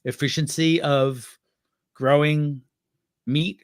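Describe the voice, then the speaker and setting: A man's voice: fairly high pitch, steady tone, takes it slowly, dry recording, clean studio sound. A man chatting as a guest on a talk show, telling rambling anecdotes and laughing at his own stories. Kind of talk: casual chat.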